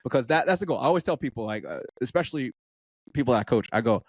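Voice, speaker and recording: Talking at a racing pace in a mid-range voice, a running coach in his thirties tells lively stories on a casual podcast, acting out his runners' lines. The studio-quality recording has no echo.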